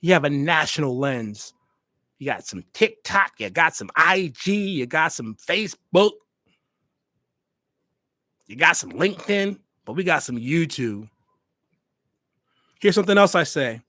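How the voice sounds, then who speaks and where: With a fairly high pitch, lively intonation and a sharp tone, this man speaks at a measured pace with long pauses. He hosts a casual livestream for his hospitality channel, addressing viewers emphatically and repeating phrases for weight. His USB desk microphone gives a dry, studio-quality recording.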